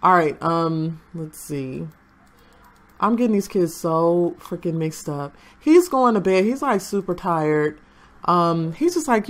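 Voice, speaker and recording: Low-voiced woman, bantering casually while she plays. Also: expressive, takes it slowly. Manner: chatty, talks to the game characters. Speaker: gaming channel host. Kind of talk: casual gameplay commentary.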